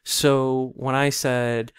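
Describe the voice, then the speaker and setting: A man lecturing on a recorded class video, speaking in a relaxed, conversational way and often checking in with "right?". His voice sits at a middle pitch. The recording is close and dry, with no room echo. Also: drawn-out words, clean tone. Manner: casual, conversational, frequent "right?" tag questions. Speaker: literature instructor.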